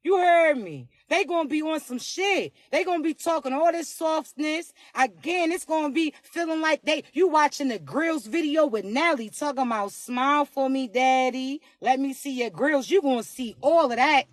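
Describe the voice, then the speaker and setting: A woman with a raspy voice giving a casual spiritual reading to camera, slangy and emphatic, often asking "you heard me". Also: high voice, lively intonation, normal speed, few pauses, no room sound. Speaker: spiritual card reader.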